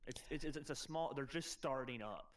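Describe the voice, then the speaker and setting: Man running a tabletop game, halting. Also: mid-range voice. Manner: hesitant, lots of ums and restarts. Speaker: game master.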